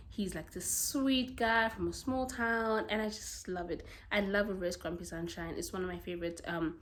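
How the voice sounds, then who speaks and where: A young woman from South Africa chatting casually about romance books, gushing and dramatic, with playful asides. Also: medium pitch. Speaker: book vlogger. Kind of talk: casual chat.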